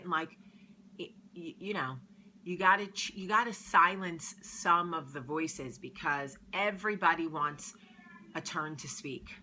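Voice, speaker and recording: A woman in her thirties chatting casually as a vlog host, telling stories with lively shifts between murmurs and loud bursts. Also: sits low, slight background noise. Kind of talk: casual confessional chat.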